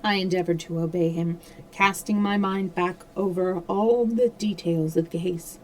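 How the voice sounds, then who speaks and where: A woman reading a mystery novel aloud on a livestream, steady with small slips and self-corrections. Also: lowish voice, normal speed, slight background noise, poor audio. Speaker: storyteller.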